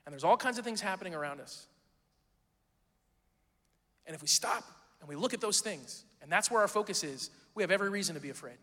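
A man preaching a sermon in a church, joking and conversational, swinging between loud emphasis and hushed tones. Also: high voice, expressive, a little fast, long pauses, big-room sound. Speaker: pastor. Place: church sanctuary.

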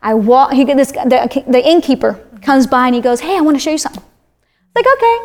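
High-voiced animated woman from Florida. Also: brisk. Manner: animated storyteller, self-described talker. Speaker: guest sharing a faith testimony. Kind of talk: conversational testimony.

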